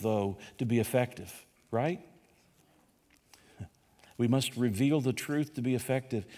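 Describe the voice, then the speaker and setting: A man's voice: medium pitch, darkish tone. An older man teaching a sermon as pastor, conversational, repeating himself and putting questions to his listeners. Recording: long reverb from a hall.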